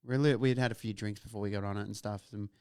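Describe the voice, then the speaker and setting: A man hosting a podcast, telling a story in a casual, animated way and swearing freely. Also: lowish voice, very fast, clear, resonant tone, no echo, clean studio sound. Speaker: podcast host.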